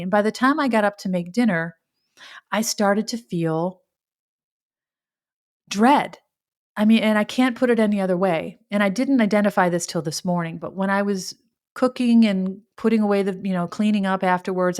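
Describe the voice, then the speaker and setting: A woman hosting her own podcast, speaking candidly in a reflective personal monologue, often restarting her sentences as she thinks aloud. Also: medium pitch. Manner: candid, searching, with frequent restarts and self-talk. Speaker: podcast host.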